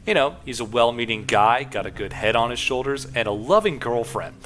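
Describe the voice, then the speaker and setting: A man's voice: medium pitch, animated, fairly quick, a bit bright, a little hiss or hum. A young man, a streamer, casually recapping a game story in a rambling way with lots of fillers.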